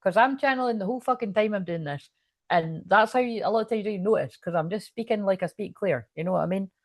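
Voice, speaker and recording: A woman's voice: medium pitch, quick pace, dry recording, clean studio sound. A woman, talking casually about spirituality in a rambling, frank way, swearing freely and full of fillers and restarts. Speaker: spiritual channel and tarot reader. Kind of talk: casual spiritual livestream talk.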